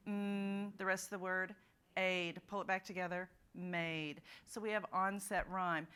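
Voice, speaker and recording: A woman's voice: fairly low pitch, fairly bright tone, smooth. A woman presenting at a teachers' literacy conference, working through examples and modeling sounds and words aloud for the audience. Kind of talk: teaching workshop talk. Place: conference room.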